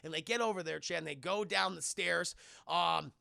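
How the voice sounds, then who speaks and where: A man with a bright, gravelly voice recaps a movie live for his chat, swearing freely and acting out the characters' lines. His voice sits high and his sound is dry and close. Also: moderate pace, dry recording. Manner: profane, animated, acts out characters' lines. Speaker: streamer and film reviewer.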